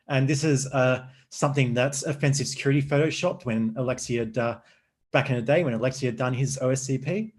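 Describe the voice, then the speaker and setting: Aussie male speaker, middle-aged, on a video call, lively up-and-down delivery, informal. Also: a little high. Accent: Australian. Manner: informal, slightly nervous first-time presenter. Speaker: conference speaker. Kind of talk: presentation.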